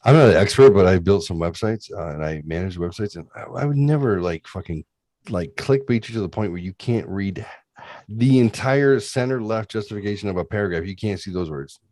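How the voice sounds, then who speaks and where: A man's voice: low voice, lively intonation, fairly quick, mellow, no echo. A man hosting a podcast, chatting casually and ranting with lots of swearing into a close mic. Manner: profane ranting. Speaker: podcast host. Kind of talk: casual chat, reading aloud.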